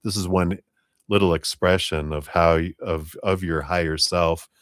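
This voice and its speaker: Deep-voiced man giving gentle tarot readings. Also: fairly even intonation, dry recording, studio quality. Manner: gentle, unhurried spiritual guidance. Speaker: tarot reader. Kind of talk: live-streamed tarot reading.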